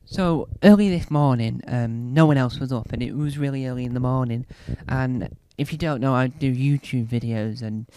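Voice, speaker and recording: A British man doing stand-up, telling a rambling story and acting out scenes with sudden loud, high squeals. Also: moderate pace, few pauses, slight background noise. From Britain. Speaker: stand-up comedian.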